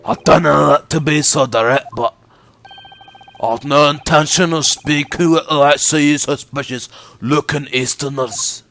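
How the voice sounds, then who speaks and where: Brief: a man playing a blustering prison governor, rough Scottish accent, menacing. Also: a little high, fairly even intonation, measured pace, fairly bright tone, a little hiss or hum. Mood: gruff hostile. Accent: attempted Scottish. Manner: blustering, threatening. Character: gruff hostile male prison governor.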